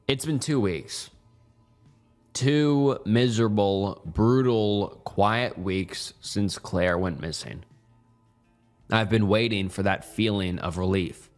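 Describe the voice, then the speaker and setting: Man narrating a somber horror story. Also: fairly low pitch.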